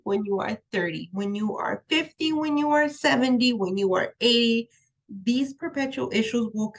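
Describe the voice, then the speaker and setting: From her room at home, a college instructor records an online lecture in a chatty way, often saying "um" and "right?" and laughing easily. Young adult to middle-aged with a young daughter, she has a slightly high voice, heard over poor audio.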